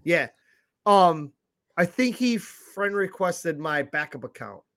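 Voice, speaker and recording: A man's voice: a little high, big pitch swings, slow, a bit bright. A man co-hosting a casual talk show, blunt and swearing freely as he chats. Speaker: podcast co-host. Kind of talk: casual profane banter.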